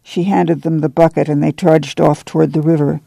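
A man narrating an audiobook in an even storytelling read. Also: on the high side, moderate pace, gravelly, no room sound, low-quality recording.

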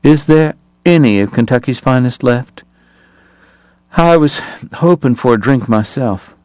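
A male narrator voicing a tired, genteel young gentleman, courtly and dryly witty, slightly breathless. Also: medium pitch, lively intonation, unhurried, smooth, no echo, studio quality, voice pushed up, natural voice. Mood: wry.

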